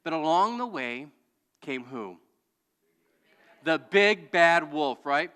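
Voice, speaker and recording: A man's voice: a little high, lively intonation, slow pace, a bit bright, clear, resonant tone, in a large hall. A man preaching a sermon as pastor, telling a story and calling out to the congregation for answers. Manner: storytelling with audience call-and-response. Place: church sanctuary.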